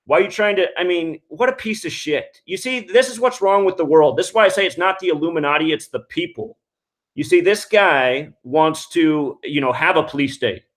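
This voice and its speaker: A man's voice: on the high side, moderate pace, a bit bright. Swearing, scornful male radio host. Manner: angry, scornful, swears constantly. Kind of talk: profane call-in show rant.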